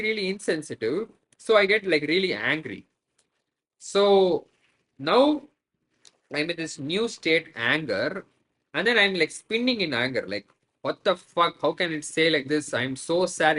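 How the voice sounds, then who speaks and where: A man's voice: a little high, sharp tone, poor audio. A man, earnestly explaining his own experience as an online tutor. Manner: earnest, self-reflective explaining. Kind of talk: explanatory talk to camera.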